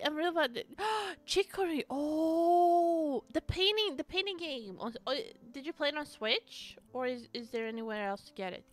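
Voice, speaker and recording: A woman live streaming a game, chatting casually, excitable and swearing often as she greets and answers her chat. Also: sits high.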